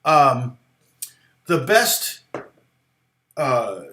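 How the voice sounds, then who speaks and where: In an echoey room, this male guitar teacher talks extremely slowly in a mid-range voice with big swings in pitch. His songwriting lesson is loose and rambling, full of restarts and fillers, and he sometimes sings snippets of lyrics softly to illustrate.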